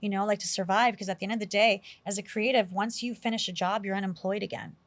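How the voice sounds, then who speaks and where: A woman from New York City, an actress, telling stories as a guest in a casual interview. She is animated, acts out her own past lines, and says "like" often. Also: medium pitch, fast, dry recording. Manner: animated, quotes herself often, heavy use of "like".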